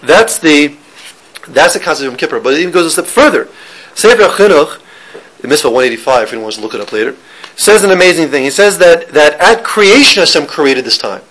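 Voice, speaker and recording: A man's voice: a little high, animated, brisk, a bit bright, poor audio. A man giving an informal Torah lesson, talking conversationally with restarts and joking with listeners. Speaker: teacher giving a Torah class.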